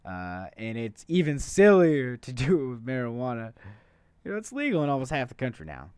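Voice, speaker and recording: A man's voice: medium pitch, wildly swooping pitch, a little fast, darkish tone, clear, resonant tone, dry recording, studio quality. A man hosting a political podcast in a casual, profane, conversational monologue, full of filler uhs. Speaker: podcast host.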